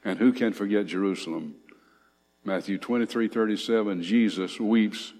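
A man preaching a sermon, reading scripture aloud with swelling emphasis and pausing on frequent fillers. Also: on the low side, darkish tone. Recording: long hall reverb.

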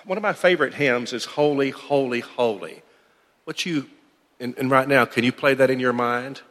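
A man's voice: medium pitch, normal speed, a bit bright, big-room sound. A man teaching a church Bible class in a conversational, thinking-aloud way.

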